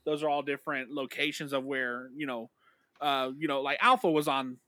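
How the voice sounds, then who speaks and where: A middle-aged man co-hosting a casual fan podcast, agreeable and quick with short agreements. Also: medium pitch, sharp tone, no echo. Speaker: podcast co-host.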